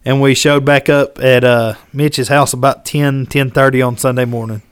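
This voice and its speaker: A man telling a hunting-trip story in casual podcast chat, animated and drawling, acting out quotes and laughing along. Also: mid-range voice, moderate pace, clean tone, no room sound. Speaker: podcast co-host.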